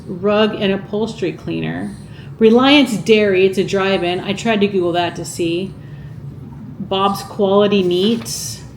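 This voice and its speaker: A woman chats unhurriedly while she reads through an old cookbook, stopping to wonder aloud and to ask her viewers questions. Her voice sits at a middle pitch and carries some room echo. A faint hiss of background noise runs under it. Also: a little mellow. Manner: chatty, muses aloud and asks viewers questions. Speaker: cooking vlogger. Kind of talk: casual vlog, reading from a vintage cookbook.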